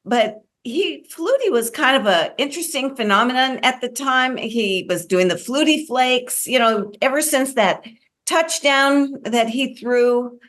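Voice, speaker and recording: A woman's voice: high voice, animated, measured pace, a bit bright. A woman co-hosting a casual interview, asking long, winding questions. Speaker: co-host.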